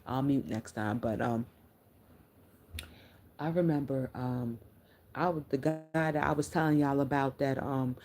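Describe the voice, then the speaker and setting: With a rumbling low, slightly mellow voice, this middle-aged woman livestreamer speaks at a measured pace with long pauses over slight background noise. Her casual chat is blunt, profane storytelling in which she talks back to her viewers' comments.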